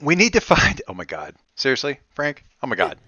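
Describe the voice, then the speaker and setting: A man's voice: medium pitch, huge pitch swings, fairly quick, pushed and bright, no room sound, dull audio. A man acting as game master of a tabletop role-playing session, explaining rules in a rambling, self-correcting way.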